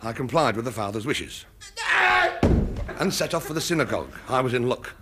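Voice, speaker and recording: A man's voice: medium pitch, lively intonation, brisk, heavy background noise. Dry, mock-serious male comic narrator.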